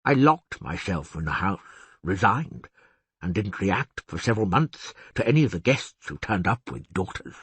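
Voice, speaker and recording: Husky, low-voiced beast-man done by a male reader, genial and boastful, audiobook, dry close sound. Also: very animated, moderate pace, fairly bright tone, dry recording, full character voice. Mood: rueful. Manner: chatty, confiding, wry. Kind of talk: audiobook reading.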